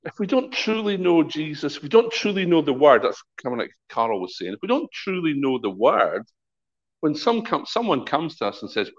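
A man's voice: on the high side, fairly quick, dull audio. A middle-aged man, a pastor, preaching a conversational sermon and acting out the voices in his stories. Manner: lively, conversational preaching with acted-out quotes.

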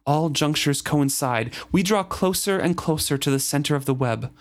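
A man's voice: fairly high pitch, normal speed, pitched above the performer's own voice, close to an everyday voice. A man reading aloud and voicing an exultant, mystical young man from a fantasy novel. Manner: exalted and theatrical.

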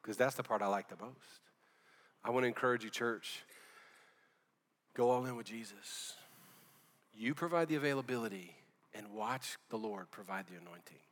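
A man's voice: on the low side, moderate pace, long pauses, in a large hall. A man preaching a sermon as pastor, fervent and conversational, dropping casual slang as he talks.

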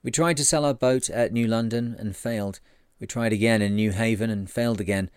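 A male narrator reading a sailing memoir aloud in a measured storytelling manner. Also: lowish voice, fairly even intonation, clean tone, no room sound, clean studio sound.

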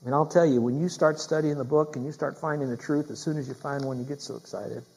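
Emphatic preacher, man with a higher voice. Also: fairly even intonation, fast, gravelly, a little mellow, breathy edge, poor audio. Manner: emphatic, repeats key phrases, questions the congregation directly. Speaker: pastor. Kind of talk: sermon.

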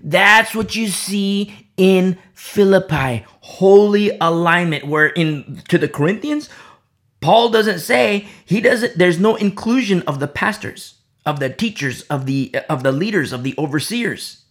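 A woman's voice: on the low side, unhurried. A woman pastor delivering a sermon emphatically, repeating key phrases and dropping to near-whispers.

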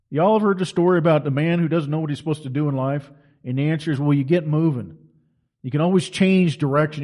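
A middle-aged Christian commentator speaks in a fairly high, darkish-toned voice. His monologue is impassioned and preachy, emphatic and packed with rhetorical questions.

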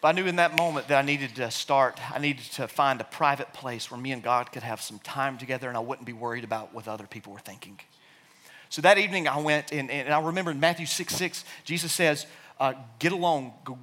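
A man giving an earnest, emotional personal testimony in a sermon-like talk, at times dropping to a hushed, soft voice, with frequent restarts. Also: mid-range voice. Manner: hushed, soft-spoken in quiet passages.

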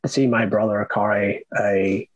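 A young man with an Irish accent, telling his own story as an interview guest, earnest and halting, often starting his sentences over. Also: lowish voice, level tone, dry recording, highs cut off. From Ireland. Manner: earnest, halting, with many restarts.

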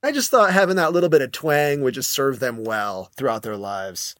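A man's voice: medium pitch, animated, moderate pace, a bit bright, no room sound. Rambling middle-aged male podcast guest. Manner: rambling, many fillers and restarts. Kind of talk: casual storytelling chat.

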